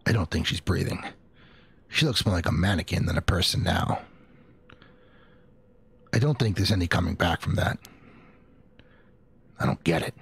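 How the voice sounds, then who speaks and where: A man voicing a gruff, determined young man in a game, with a low, gravelly, brooding put-on growl and game music behind. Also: moderate pace, long pauses, exaggerated voice. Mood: grim. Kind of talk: voicing game dialogue in a let's play.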